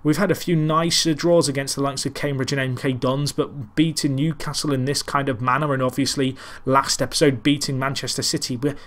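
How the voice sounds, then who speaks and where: A man's voice: mid-range voice, steady tone, a little fast, hardly any pauses, a bit bright. A man casually commentating on his football management game, rambling and self-deprecating while calling the match like a commentator. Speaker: gaming commentator. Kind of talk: casual Let's Play commentary.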